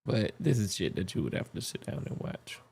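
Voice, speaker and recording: Chill podcast guy, low gravelly voice, just chatting about clips. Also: sing-song, a little fast, a little mellow, slight background noise. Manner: laid-back, reacting to clips. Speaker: podcast host. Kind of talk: casual chat.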